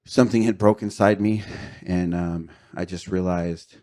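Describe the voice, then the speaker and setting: Deep-voiced man sharing a raw testimony. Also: fairly even intonation, moderate pace, dark tone. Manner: earnest, confessional, with frequent fillers and short laughs. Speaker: podcast guest. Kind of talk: candid personal testimony.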